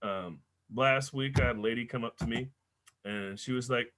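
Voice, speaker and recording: A young man hosting a stand-up comedy show, telling loud, animated stories with swearing and punchy character voices. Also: medium pitch, normal speed.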